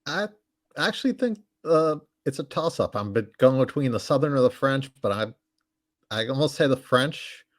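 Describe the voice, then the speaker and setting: A man chatting casually as a guest reviewer, relaxed and hedging with fillers. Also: mid-range voice, normal speed. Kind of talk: casual movie review chat.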